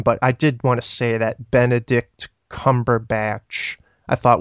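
A man's voice: mid-range voice, clean tone, dull audio. Man, podcast co-host, casual rambling chat, dry voice, no room echo. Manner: rambling, filler-heavy storytelling.

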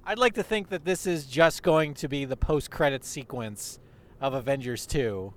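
A man's voice: medium pitch, normal speed. A young man in comic banter, riffing in long mock-earnest bits while riding in a car. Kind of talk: comedic banter. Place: in a car in traffic.

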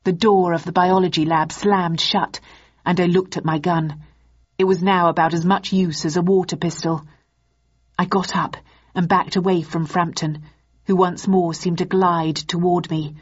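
A woman narrating an audiobook in the first person in a steady storytelling manner. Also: lowish voice, moderate pace, slightly rough. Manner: steady storytelling, voicing characters. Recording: dull lo-fi audiobook recording.

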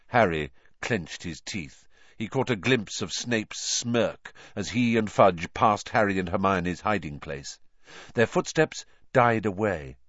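A man narrating an audiobook in a lively, dramatic reading style, putting on character voices. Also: on the low side, slow pace, no room sound, muffled recording.

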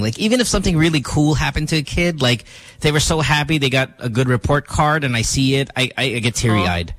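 A man co-hosting a morning radio show, telling stories in a casual, self-mocking way with lots of fillers. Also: fairly high pitch. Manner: animated, self-mocking storytelling with many fillers.

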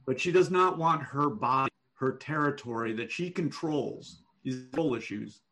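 A man giving one-on-one manuscript feedback over an online call, explaining deliberately and thinking aloud. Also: mid-range voice, bright, forceful tone. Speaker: writing coach.

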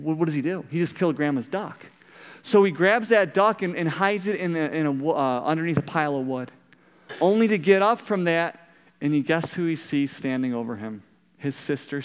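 A man's voice: on the high side, clear, resonant tone, in a large hall. A man preaching a sermon, telling a story and asking the congregation questions. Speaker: pastor.

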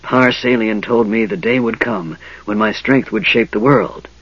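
A man voicing a frail, cold young mage in a soft, wheezing, hissing whisper. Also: lowish voice, a little slow, breathy edge, no echo, lo-fi sound.

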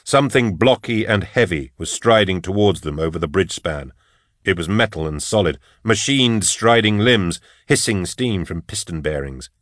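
Low-voiced man narrating an audiobook. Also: expressive, normal speed, a bit bright, no room sound, studio quality.

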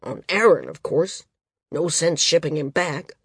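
A woman's voice: sits low, a little slow, husky, no echo, clean studio sound, full character voice. A woman voicing a small, arrogant male flyer who snaps and sneers, in an audiobook. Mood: dismissive. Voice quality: snapping, sneering delivery.

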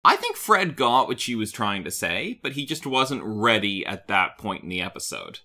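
A man co-hosting a podcast, recapping a cartoon episode in a casual chat and jumping into quick acted-out character lines. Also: on the low side. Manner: animated, acts out characters' lines in quick bursts. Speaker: podcast co-host.

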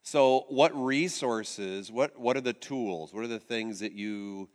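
A man interviewing a guest on stage, asking relaxed questions with some restarts. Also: mid-range voice, slow pace. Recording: reverberant hall sound.

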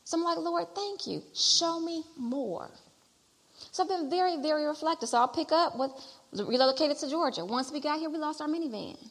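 A middle-aged woman preaching a sermon and telling her own testimony. She repeats phrases as she builds toward loud exhortation. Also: high voice, animated, fast talker. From Detroit area. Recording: long hall reverb.

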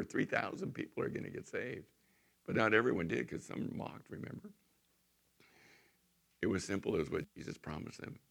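A man's voice: sits low, creaky. A man preaching a sermon as pastor, reading scripture aloud with rising emphasis and then talking it over in a plain, chatty way.

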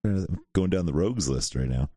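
A man's voice: low-pitched, lively intonation, brisk, mellow. A man in a casual chat, laid-back and swearing freely.

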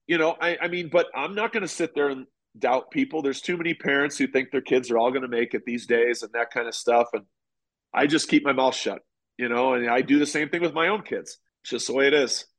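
A man in his forties, a former ballplayer, telling stories in a relaxed, rambling way during an interview. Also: medium pitch, a little fast. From United States. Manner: relaxed, rambling, many restarts. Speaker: podcast guest, former pitcher and golfer. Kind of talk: casual interview storytelling.

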